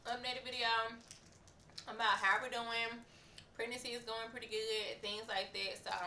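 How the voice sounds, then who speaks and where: A woman's voice: a little high, bright, forceful tone, roomy sound, distant mic, a little hiss or hum. A young woman, chatting casually and rambling through a vlog update with lots of fillers and restarts. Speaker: vlogger.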